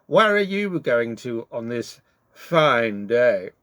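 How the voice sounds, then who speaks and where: A man's voice: medium pitch, big pitch swings, fairly bright tone, dry recording, studio quality. A man putting on a sly purring wolf. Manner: purring, slow and drawn out. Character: crafty sly male wolf, greedy and smug.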